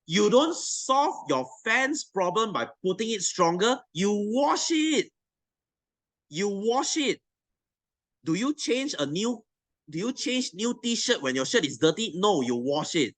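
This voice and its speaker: A man's voice: high voice, very animated, a little slow, a bit bright, dry recording. A young adult man with a Malaysian English accent, teaching a science class in a blunt, swearing, teasing rant to his students. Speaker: science tutor.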